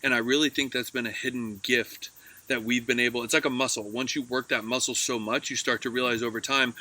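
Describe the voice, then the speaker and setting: A man's voice: mid-range voice, fairly even intonation, a little fast, bright, forceful tone. A man co-hosting a podcast from a camper van, talking in an earnest, reflective way and explaining things. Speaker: podcast co-host. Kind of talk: casual chat.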